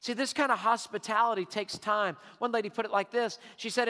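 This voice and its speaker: A man preaching a sermon as pastor, emphatic and drawing out his words with pauses. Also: high-pitched, steady tone, pushed and bright. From Texas. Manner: emphatic, with long drawn-out pauses. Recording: hall reverb.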